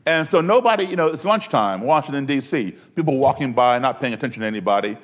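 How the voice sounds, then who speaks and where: Unhurried male storyteller. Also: medium pitch, lively intonation. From Maryland, USA. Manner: conversational, with fillers and restarts, unhurried. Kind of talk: personal storytelling.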